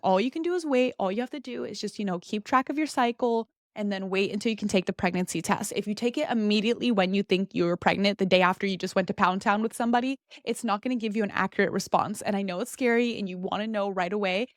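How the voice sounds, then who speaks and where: A woman's voice: medium pitch, quick pace, few pauses, dry recording, studio quality. A young woman hosting a podcast, talking in a candid, chatty monologue full of "like". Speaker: podcast host.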